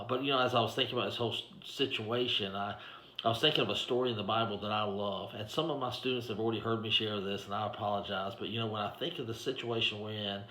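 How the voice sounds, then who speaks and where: A man's voice: fairly low pitch, fairly bright tone. A man giving an informal devotional in a folksy, conversational storytelling manner. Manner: folksy, conversational, lots of "you know". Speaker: ministry director giving a devotional. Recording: echoey room.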